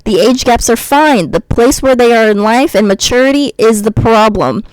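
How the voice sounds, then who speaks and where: Woman, vlogger, blunt, sarcastic, higher pitch, dry recording. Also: animated, normal speed, no echo, rough recording. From United States. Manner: blunt and sarcastic, mocks commenters in sing-song voices. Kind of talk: ranting commentary.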